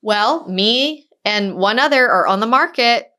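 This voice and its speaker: Woman, 30s, podcast co-host, lively storyteller, a bit higher pitch. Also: a little slow. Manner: animated storyteller, acts out quoted voices. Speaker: podcast co-host, real estate agent. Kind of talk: casual chat.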